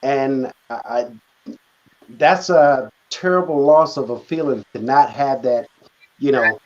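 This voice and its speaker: A man's voice: medium pitch, slow pace, darkish tone. Hesitant male guest, lo-fi sound. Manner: hesitant, many filler words, reflective. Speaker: guest author. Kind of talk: conversational interview.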